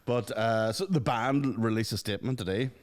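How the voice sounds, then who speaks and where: A man's voice: medium pitch, moderate pace. A man co-hosting a comedy podcast, telling stories with swearing and frequent laughs. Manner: sweary storytelling, laughs often. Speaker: podcast co-host. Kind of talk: casual comedy chat.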